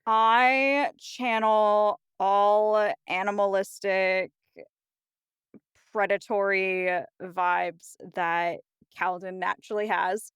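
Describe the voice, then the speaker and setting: Slow-talking woman player, super clear voice, playful. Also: mid-range voice, steady tone, a bit bright, no echo, studio quality. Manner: playful, unhurried table talk. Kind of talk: playing a tabletop game.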